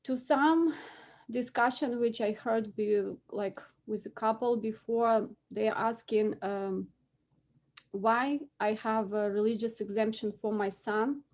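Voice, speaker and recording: A woman in her forties with a Belarusian accent speaks in English, her second language, in a slightly high voice. She gives emotional, pleading public testimony over a remote call. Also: steady tone, takes it slowly, darkish tone. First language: not English. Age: 40s.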